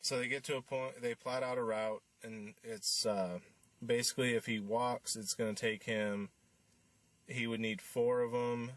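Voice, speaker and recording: A man's voice: on the low side, fairly bright tone, no echo. A man hosting a podcast, recapping a film in a casual, rambling way with lots of fillers and restarts. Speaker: podcast host reviewing a film.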